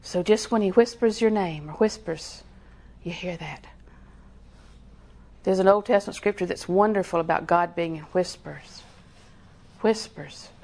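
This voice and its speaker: A woman's voice: fairly low pitch, a little slow, pauses often, darkish tone. A middle-aged woman, preaching a sermon in a folksy, storytelling way with lots of repetition.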